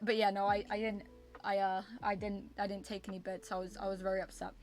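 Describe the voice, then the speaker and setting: A young woman streamer casually telling a story to her chat at a home setup, animated and repetitive, swearing freely. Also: medium pitch, fast, faint music behind.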